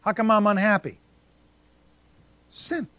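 Pastor, man, higher register, dramatic sermon delivery, dry recording. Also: expressive, moderate pace, fairly bright tone, no room sound. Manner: emphatic, rising and dropping to near silence for effect.

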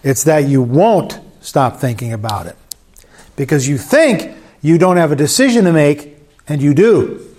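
A man's voice: fairly high pitch, animated, a little slow, a little mellow. A man preaching a sermon in church, conversational and joking with the congregation. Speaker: pastor.

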